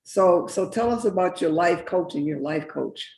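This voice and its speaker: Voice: medium pitch, lively intonation, moderate pace, vocal fry, darkish tone. Affirming talk show host, echoey. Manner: affirming, frequent short interjections. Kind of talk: live interview. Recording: echoey room sound.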